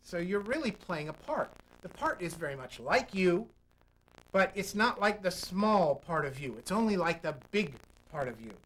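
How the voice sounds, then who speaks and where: On a local TV studio talk show, a man acting as a public speaking coach explains technique and performs examples out loud. His high, sing-song voice has a fairly bright tone and moves at normal speed, though the recording is rough.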